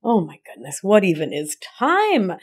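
A woman's voice: medium pitch, huge pitch swings, moderate pace, husky. A woman life coach hosting her podcast, talking in an affectionate, chatty way and often laughing at herself. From Argentina, raised in Rhode Island. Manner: affectionate, calls listener my love, laughs at herself. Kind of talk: warm conversational podcast monologue.

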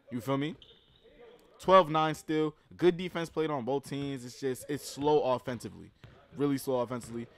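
A man reacting to a streetball game, giving casual commentary with slang and sudden loud outbursts. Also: mid-range voice. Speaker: reaction streamer commenting on basketball.

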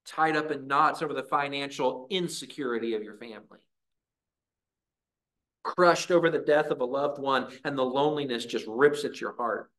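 A man preaching a sermon in a church, earnest, with dramatic pauses and voiced prayers. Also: mid-range voice, fairly bright tone. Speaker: pastor.

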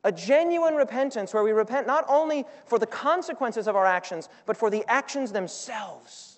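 A man preaching a sermon to a congregation, moving between loud, emphatic stretches and quiet ones, and asking the audience for responses. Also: very high-pitched, expressive, normal speed. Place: large hall with audience. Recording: long hall reverb.

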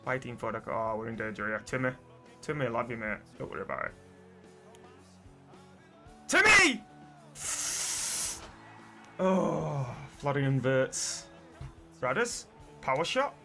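A young man commentating his own football video game match, muttering to his players and then yelling at them. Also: medium pitch, normal speed, creaky, soft background music. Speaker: gaming streamer. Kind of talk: excitable gameplay commentary.

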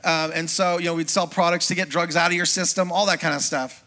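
Bright-voiced preacher telling his story. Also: a little high, steady tone, a little fast. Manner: storytelling, acts out quoted voices, conversational with congregation. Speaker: pastor. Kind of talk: sermon with personal testimony.

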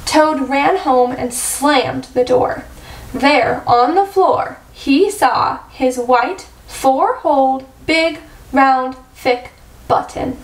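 A woman, a first grade teacher, reading a picture book aloud slowly and clearly for children. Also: sits high. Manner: slow, clear storytelling for children. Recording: echoey room, far-off mic.

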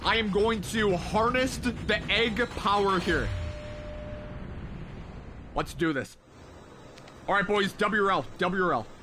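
A man's voice: high voice, slow pace, long pauses, noisy background. A young man hosting a mobile shooter livestream, chatting casually with viewers and repeating phrases over and over as he plays. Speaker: livestream gamer host. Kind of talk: casual live game commentary. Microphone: headset.

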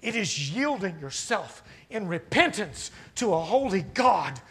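Very animated and breathy-edged, this middle-aged pastor's high voice has a fairly bright tone and a slightly slow pace. In the church sanctuary he questions the congregation rhetorically, rising to fired-up, passionate peaks.

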